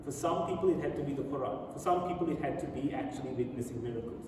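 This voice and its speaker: A man giving a storytelling religious lecture in a mosque, retelling events in an animated way and reading quoted speeches aloud. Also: mid-range voice, quick pace. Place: mosque prayer hall. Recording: very echoey hall, speaker far from mic, audible noise.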